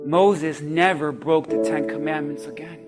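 A male pastor preaches with impassioned delivery in a church, his high voice swelling and then dropping low. A musical instrument plays clearly behind him throughout. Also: fairly even intonation, a little slow, over loud music. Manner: impassioned, rising and falling preaching. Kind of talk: sermon.

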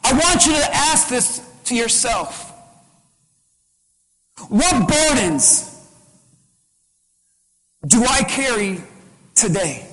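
A man's voice: very high-pitched, very animated, very slow, long pauses, a bit bright. A man preaching a sermon as pastor, pressing the congregation with repeated rhetorical questions. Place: church sanctuary. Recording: long church hall reverb.

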